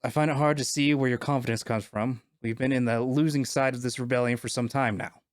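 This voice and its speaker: A man's voice: medium pitch, steady tone, fairly quick, no room sound, studio quality, close to an everyday voice. A man voicing a worried rebel. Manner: urgent, pressed. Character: worried, anxious rebel figure from a vision.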